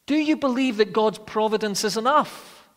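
A man preaching a sermon with dramatic rhetorical questions, rising loud and falling quiet. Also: high-pitched, normal speed. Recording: long hall reverb.

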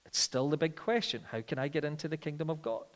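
A man preaching a sermon, swinging between loud emphatic declarations and quiet reflective passages. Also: a little high, quick pace, long reverb tail.

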